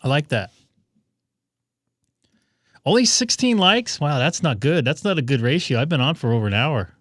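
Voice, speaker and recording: A man's voice: medium pitch, expressive, fast, dry recording, clean studio sound. A man hosting a ham radio live stream, chatting casually and thinking aloud with plenty of fillers.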